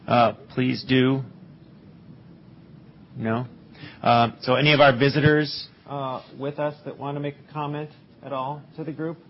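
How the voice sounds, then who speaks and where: A man's voice: mid-range voice, steady tone, measured pace, pauses often, a little hiss or hum. A man chairs a group meeting, making cheerful announcements and light jokes. The recording is muffled and dull, as if picked up in a meeting room. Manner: upbeat, joking announcements. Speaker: meeting facilitator.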